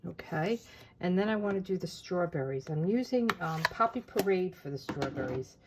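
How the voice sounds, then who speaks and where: A woman giving a casual, chatty step-by-step craft tutorial, talking as she works with her hands and often pausing on filler words. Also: lowish voice, animated, slight background noise. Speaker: papercraft demonstrator.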